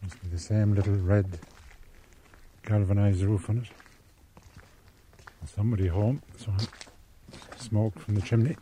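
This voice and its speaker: Older Irish male narrator, low-ish, reflective, poetic documentary read. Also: steady tone, measured pace, long pauses, dark tone, a little hiss or hum. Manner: lyrical, reminiscent. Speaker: documentary presenter. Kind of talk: scripted narration.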